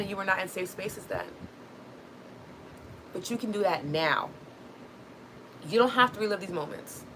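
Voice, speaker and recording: Woman livestream host with a bright, forceful voice, earnest and reassuring. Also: medium pitch, a little hiss or hum, low-quality recording. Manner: earnest, reassuring, often asks "right?". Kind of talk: livestream motivational talk.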